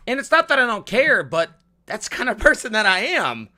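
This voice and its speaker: A vlogger speaks in a fairly quick, sing-song voice, riffing off the cuff with an upward inflection. He curses freely, repeats words as he goes, and lurches between loud rants and low mutters.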